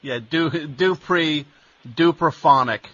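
A man's voice: a little high, slow, bright, forceful tone, no room sound, highs cut off. A male radio host talking with a caller in a sarcastic, incredulous way, often stammering. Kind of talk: radio call-in chat.

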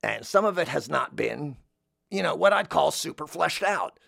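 A man's voice: a little high, lively intonation, moderate pace, creaky, pushed and bright, no echo, clean studio sound, full character voice. A man voicing a mild, earnest male creature made from a sock, who talks in a hesitant, rambling way full of fillers. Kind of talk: comedic podcast interview bit.

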